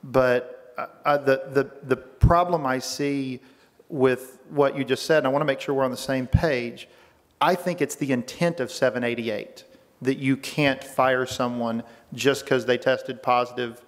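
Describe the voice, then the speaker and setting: A man's voice: medium pitch, steady tone, a little slow. Lawmaker, male, argumentative questioner, long hall reverb. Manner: pressing, argumentative, repeats words when restarting. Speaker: state legislator questioning a witness. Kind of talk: committee hearing questioning. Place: legislative hearing room. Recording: long reverb of a hearing room.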